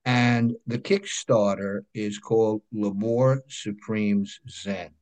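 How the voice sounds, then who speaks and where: A man with a New York accent, a guest telling lively anecdotes in a casual interview and often checking in with "right?". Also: on the low side, slow pace. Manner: animated anecdotes, frequent "right?" check-ins. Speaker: guest, comic book creator.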